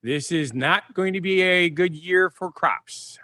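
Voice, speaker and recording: A man from the American Midwest co-hosts a casual chat, telling rambling stories and restarting his sentences. His voice is bright and a little higher than most men's. The sound is dry and close, as on a video call. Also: slow pace, no room sound. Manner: chatty, storytelling, self-interrupting. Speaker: podcast co-host.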